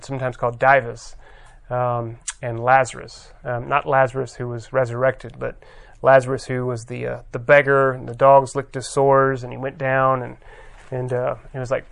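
A man preaching a conversational sermon, reading scripture aloud and pausing often with fillers. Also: mid-range voice, flat delivery, creaky, fairly bright tone.

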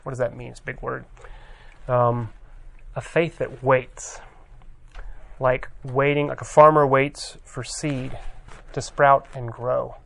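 A man preaching a conversational sermon, reading scripture aloud and pausing often with fillers. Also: mid-range voice, little pitch movement, gravelly, fairly bright tone.

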